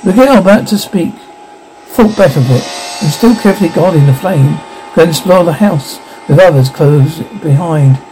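A man narrating a story aloud in a steady reading manner, with small slips. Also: fairly high pitch, moderate pace, a little hiss or hum, rough recording.

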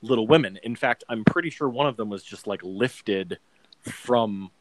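A man's voice: lowish voice, moderate pace, no echo, rough recording. A man co-hosting a casual podcast chat, rambling with lots of fillers and acting out quoted lines. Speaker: podcast co-host. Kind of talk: casual chat about a TV adaptation.

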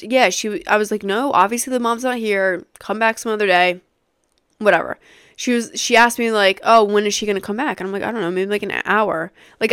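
A woman in her twenties hosting a podcast, telling a story in a casual, animated way, swearing freely and using many fillers. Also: medium pitch, clear, resonant tone, no room sound, studio quality. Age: 20s. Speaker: podcast host.

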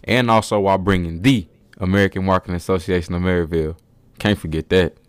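A man's voice: low voice, fairly even intonation, quick pace, clear, resonant tone, dry recording, clean studio sound. A young man co-hosting a casual podcast, hype and slangy. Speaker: podcast co-host.

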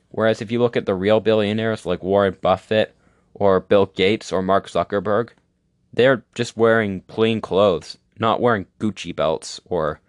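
A man's voice: on the low side, no room sound, clean studio sound. A young man hosting his own show, giving opinions in a rambling, casual monologue. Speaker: podcast host.

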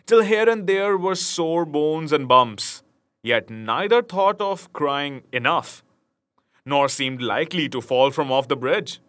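Slow, bright-voiced male storyteller. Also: mid-range voice. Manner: expressive reading with brief casual asides. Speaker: narrator. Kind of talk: reading a classic storybook aloud.

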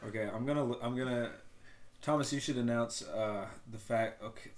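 A young man co-hosting a casual podcast, rambling and often mumbling quietly. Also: medium pitch, brisk. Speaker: podcast co-host. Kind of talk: casual chat.

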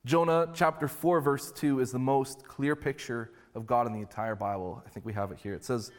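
A male pastor preaching a sermon in a relaxed, conversational storytelling way. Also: medium pitch, normal speed, hardly any pauses. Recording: long hall reverb.

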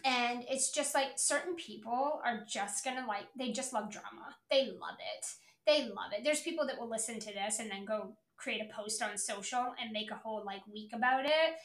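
A woman's voice: a little high, moderate pace, hardly any pauses, fairly bright tone, reverberant. A middle-aged woman hosting a podcast, ranting bluntly and profanely about selling as a coach. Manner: profane, brash, emphatic. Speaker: podcast host, sales coach. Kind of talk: blunt motivational podcast rant.

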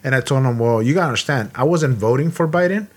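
A Marine veteran from Los Angeles, USA, co-hosts a casual podcast chat in a blunt, heated way, swearing often and restarting his sentences. His mid-range voice is husky, animated and quick.

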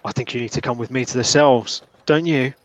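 A man's voice: medium pitch, a little fast, close to an everyday voice. A man voicing a stern, burly helmeted city guard with a put-on Cockney accent, ingratiating and menacing.

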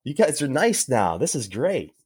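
A man's voice: mid-range voice, very animated, normal speed, darkish tone, slightly rough, dry recording, studio quality. A man from New York chatting casually on a podcast, crude and joking, laughing often. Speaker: podcast co-host. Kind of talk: casual chat.

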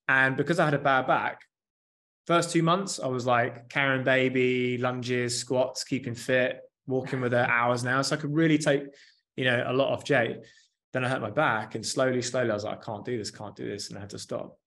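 A man's voice: medium pitch, steady tone, normal speed, a bit bright. Male, 30s, coach or therapist guest, earnest and reflective, casual interview delivery. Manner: earnest, reflective, leans on "like" and "you know". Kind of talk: candid conversational interview.

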